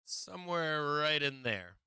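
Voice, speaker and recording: A man's voice: a little high, very animated, a little slow, sharp tone, clean tone, no room sound. A man hosting a live stock market stream, walking through charts and asking viewers rhetorical questions. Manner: rhetorical questions to viewers, chats to his cat. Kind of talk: live trading commentary.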